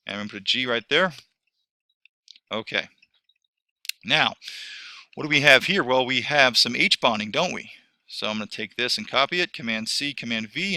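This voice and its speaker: A man's voice: medium pitch, gravelly, sharp tone, no room sound. A man teaching a screen-recorded lesson, rambling and correcting himself as he talks through each step.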